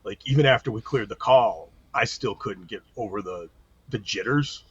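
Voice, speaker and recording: A man's voice: fairly low pitch, normal speed, husky, no room sound. A middle-aged man, a retired police chief telling stories from his career as a guest in a casual interview, acting out quoted lines as he goes. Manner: animated storyteller, acts out quotes. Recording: dull lo-fi sound.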